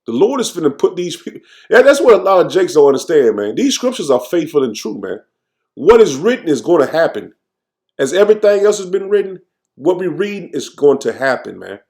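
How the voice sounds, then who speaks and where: A man giving an informal, fervent sermon, reading verses slowly and then commenting, tagging "man" onto nearly every phrase. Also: a little high, very animated, a little mellow. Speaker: scripture teacher. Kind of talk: informal preaching with scripture reading.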